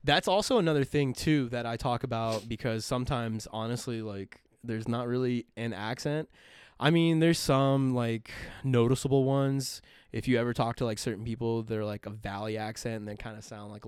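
A young man from California with a relaxed Californian accent, chatting casually as a podcast host, rambling with lots of fillers. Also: medium pitch, moderate pace, clean tone, no room sound, studio quality. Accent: Californian, laid-back surfer type. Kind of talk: casual chat.

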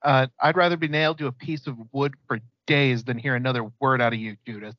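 A man voicing a weary, exasperated Jesus with long-suffering deadpan delivery, on a dry, lo-fi recording. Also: mid-range voice, fast talker, no echo, natural voice.

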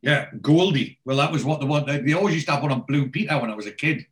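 A man's voice: a little high, lively intonation, fast talker. Chatty man retelling a story. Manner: chatty storyteller, lightly acting out lines. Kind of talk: casual chat, retelling a TV episode.

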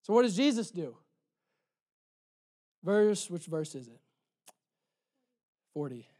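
A man preaching a sermon in church, impassioned and repetitive, dropping soft for emphasis. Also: high voice, big pitch swings, slow. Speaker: pastor.

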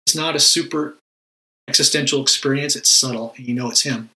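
A man's voice: mid-range voice, fairly even intonation, fairly quick, bright, forceful tone, poor audio. A man giving a casual, emphatic talk on prayer, often repeating words and asking rhetorical questions. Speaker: Christian teacher on prayer. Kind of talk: casual spoken teaching.

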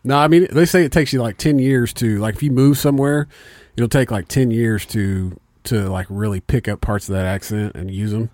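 A man's voice: mid-range voice, moderate pace, a little mellow, no room sound. A man with an Indiana accent hosting a podcast in a studio, chatting loosely and swearing freely. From Indianapolis area, USA. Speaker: podcast host. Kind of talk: casual chat.

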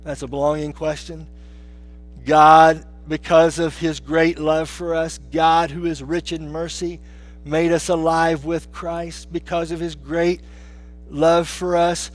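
A man preaching a sermon as pastor, swinging between hushed, low lines and raised, emphatic ones. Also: flat delivery, takes it slowly.

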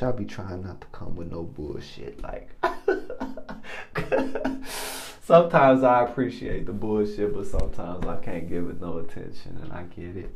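A man's voice: mid-range voice, vocal fry. A man giving a casual testimony monologue into his own recording mic, effusive and exclamatory, repeating himself often. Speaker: podcast host.

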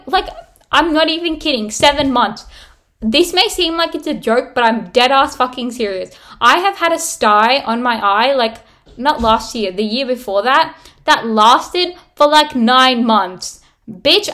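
A woman's voice: sits high, a bit bright. A young woman hosting her own podcast, ranting bluntly in a casual, sweary way full of "like". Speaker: podcast host. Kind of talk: casual solo podcast rant.

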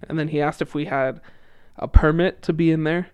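A man's voice: on the high side, fairly even intonation, a little fast, darkish tone, clean tone, no echo. A young man casually telling a story as a podcast guest, chatty with lots of fillers and frequent laughs. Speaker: podcast guest, returned missionary.

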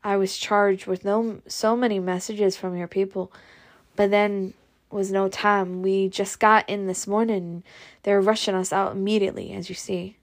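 A woman voicing a calm, kindly Southern gentleman near seventy, soft and reassuring in manner. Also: medium pitch, moderate pace, close to an everyday voice.

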